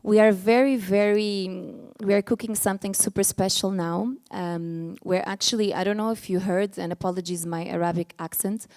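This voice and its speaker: A woman's voice: medium pitch, fairly even intonation, normal speed, few pauses, darkish tone. Earnest woman. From Portugal. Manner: earnest, restarts often, gets emotional. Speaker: panel speaker. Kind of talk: panel discussion.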